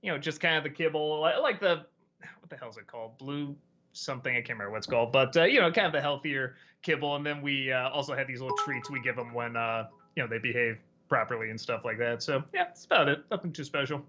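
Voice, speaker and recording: A man's voice: medium pitch, quick pace, lo-fi sound, soft background music. A man hosting a weekly question-and-answer stream, chatting casually and rambling through viewer questions with frequent laughs. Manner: relaxed, rambling, laughs often.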